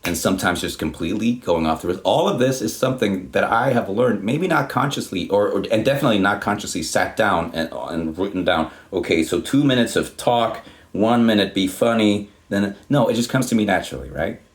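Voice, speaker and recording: A man's voice: on the low side, expressive, fairly quick, hardly any pauses. A man speaking English as a non-native language, delivering a long, unedited, profane and tangential rant straight to camera. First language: not English. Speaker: YouTuber. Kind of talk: unscripted ranting monologue.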